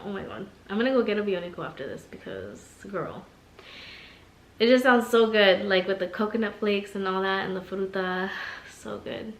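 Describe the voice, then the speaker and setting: A young pregnant woman chatting casually in a vlog, telling stories full of "like" fillers. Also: medium pitch. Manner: chatty, storytelling, many "like" fillers. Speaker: vlogger. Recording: echoey room.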